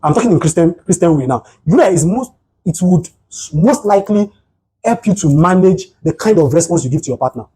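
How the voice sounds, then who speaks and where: Husky, mellow Nigerian man teaching. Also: a little high, a little fast, low-quality recording. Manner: animated storytelling, rhetorical questions. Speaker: psychotherapist and guest speaker. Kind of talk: motivational talk to a group.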